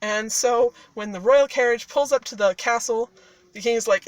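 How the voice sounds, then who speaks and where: Casual storyteller, woman, fairly high voice, chatty and irreverent, dry in-car sound. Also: steady tone, unhurried, dry recording. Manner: chatty, swearing, laughing asides. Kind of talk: casual irreverent fairy-tale retelling. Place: parked car.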